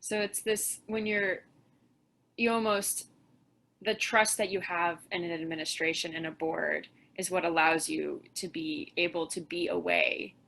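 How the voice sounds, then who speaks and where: Slow, gravelly-voiced woman interviewer. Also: on the low side, steady tone, slight background noise. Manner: soft-spoken with frequent affirming murmurs. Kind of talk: interview conversation.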